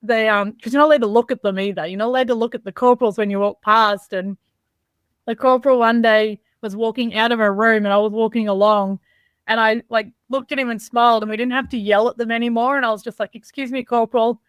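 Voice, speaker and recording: An Australian woman telling lively, laugh-filled stories as an interview guest, swearing casually, over a video call. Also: fairly high pitch, fast, clean tone, dry recording. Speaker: army reservist guest.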